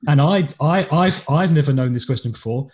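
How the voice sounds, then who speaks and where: A man's voice: a little high, brisk, darkish tone. A man hosting a podcast, stumbling over his words as he works up to a question in casual chat. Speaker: podcast host.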